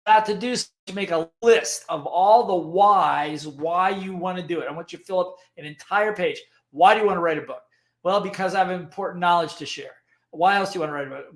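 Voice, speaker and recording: A man giving a live-streamed motivational lesson as a coach, repeating his key points and checking in with "okay?" again and again. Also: high voice.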